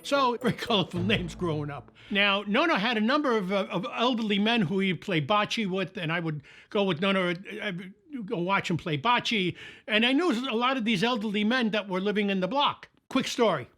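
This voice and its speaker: High-voiced old New storyteller. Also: male voice, normal speed. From New York. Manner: animated anecdotal storytelling. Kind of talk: documentary interview.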